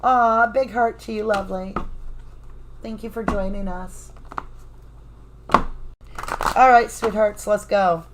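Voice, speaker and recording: A woman's voice: mid-range voice, slight background noise, rough recording. A woman with a Southern US accent giving a live tarot reading, chatting affectionately with viewers and cheering them on. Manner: energetic cheerleading. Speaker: tarot reader.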